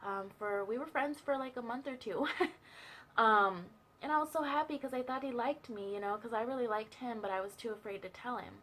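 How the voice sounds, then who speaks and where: A woman's voice: fairly high pitch, fairly quick, a bit bright. A young woman telling a personal story in a chatty, casual way, full of fillers and asides. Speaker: vlogger sharing a testimony.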